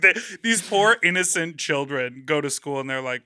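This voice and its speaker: Playful, bright-voiced male co-host. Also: a little high, expressive, clean tone, dry recording, studio quality. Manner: playful, quick interjections. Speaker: podcast co-host. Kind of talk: casual podcast banter.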